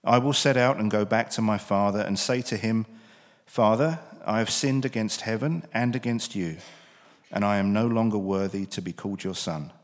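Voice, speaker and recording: A man's voice: on the low side, normal speed, close to an everyday voice. A man with a British accent voicing a repentant younger son in a scripture reading, earnest and plain. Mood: humble. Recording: long reverb of a large hall.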